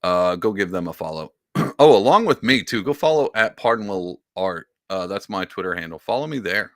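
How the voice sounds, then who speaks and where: A man's voice: low-pitched, expressive, moderate pace, fairly bright tone, no echo, clean studio sound. A man hosting a casual commentary show, reading posts aloud with sarcastic, heavy emphasis. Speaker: podcast host.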